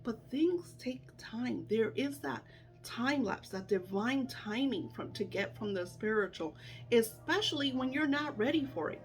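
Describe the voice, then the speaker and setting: A middle-aged woman coaching on manifesting in an animated, chatty way, full of fillers and acted-out self-talk. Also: fairly high pitch. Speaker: spiritual coach. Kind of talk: casual teaching chat.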